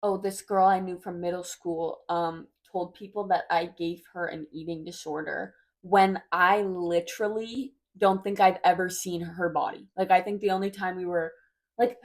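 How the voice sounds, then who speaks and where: A woman in her twenties talking casually to her viewers, rambling and hesitant, often trailing off with "I don't know.". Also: mid-range voice. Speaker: vlogger. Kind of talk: casual confessional chat.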